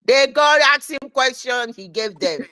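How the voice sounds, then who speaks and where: A Nigerian woman telling a story in an excitable casual chat, mixing in pidgin. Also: high voice, a little slow, crowd noise.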